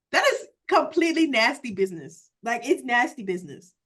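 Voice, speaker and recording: A woman's voice: fairly high pitch, big pitch swings, normal speed, a bit bright, slightly rough. A woman hosting a casual sports podcast, talking emphatically with lots of cursing and "like". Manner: emphatic, profane, frequent "like". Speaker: podcast host.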